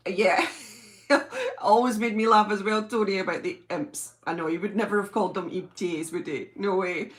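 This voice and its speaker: A woman with a British accent hosting a live stream from home, chatting casually and reading out viewer comments in a gushing, excitable way. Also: medium pitch, moderate pace. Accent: British English.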